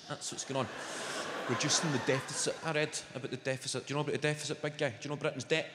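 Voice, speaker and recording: A man in his thirties with a Glaswegian Scottish accent doing a stand-up comedy set, loud and sweary, teasing the crowd. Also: on the high side, rapid-fire, heavy background noise. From Scotland. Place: large theatre stage. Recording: echoey hall with loud audience.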